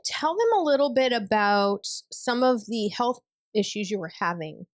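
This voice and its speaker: A woman's voice: mid-range voice, lively intonation, normal speed, dry recording, clean studio sound. A woman, hosting a casual chat in a bubbly, giggly way. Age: 30s. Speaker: podcast host.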